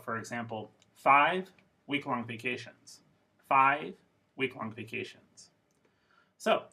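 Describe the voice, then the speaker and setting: Slow, husky-voiced male English teacher. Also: medium pitch, pushed and bright. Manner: slow, careful, demonstrative delivery with model phrases. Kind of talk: classroom pronunciation lesson.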